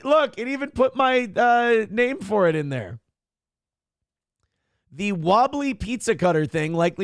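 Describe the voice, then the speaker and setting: A man's voice: high voice, dry recording, clean studio sound. A man hosting a morning show, chatting casually, reading viewer comments, and swearing and joking at his own expense. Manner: profane, joking, self-mocking rants.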